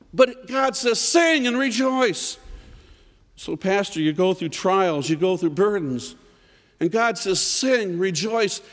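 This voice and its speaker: High-pitched guy preaching to other pastors, booming then hushed, long hall echo. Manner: emphatic preaching with swings between raised declarations and hushed low passages; quotes scripture in old-fashioned wording, repeats words. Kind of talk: sermon.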